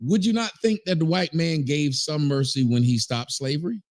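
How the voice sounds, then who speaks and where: A man guest in a debate lays out his points in a measured, explaining way and speaks directly to the viewers. His voice sits a little higher than most men's. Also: no echo, studio quality. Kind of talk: debate commentary.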